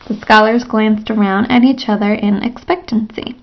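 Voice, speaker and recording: A woman reading a children's chapter book aloud in a steady storytelling manner, on a lo-fi recording. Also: mid-range voice, moderate pace, hardly any pauses. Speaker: storybook reader.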